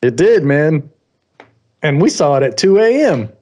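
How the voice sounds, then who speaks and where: A man co-hosting a podcast in casual chat, animated and quick to laugh as he tells stories. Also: a little high, slight background noise. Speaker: podcast co-host.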